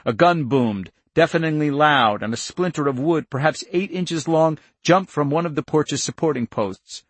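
A man reading a novel aloud as narrator, steady and measured with tense build. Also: on the high side, slightly rough, no echo. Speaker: audiobook narrator. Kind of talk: scripted narration.

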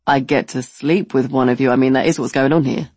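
A woman playing a blunt young man who lectures calmly and deliberately. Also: extremely low pitch, no room sound, voice pushed down. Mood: smug. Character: blunt, plain-spoken young man in a queue.

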